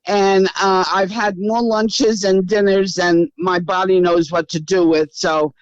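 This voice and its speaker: A woman's voice: mid-range voice, flat delivery, measured pace, clean tone, dry recording, muffled recording. A woman in her eighties with a Brooklyn accent, speaking as a guest in a casual interview from her house. She talks in a brassy, wisecracking, blunt way. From Brooklyn, New York. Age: 80s. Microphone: remote call.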